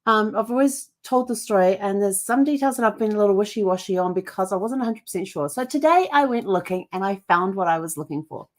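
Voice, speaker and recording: A woman's voice: medium pitch, fast talker, few pauses. A middle-aged woman telling a personal story on her vlog, chatty and rambling, with frequent restarts. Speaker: family history vlogger.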